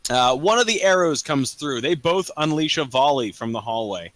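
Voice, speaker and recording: A young man running a tabletop game as game master, halting with many ums and casual swearing. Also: mid-range voice, lively intonation, fairly bright tone, no echo. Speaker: dungeon master.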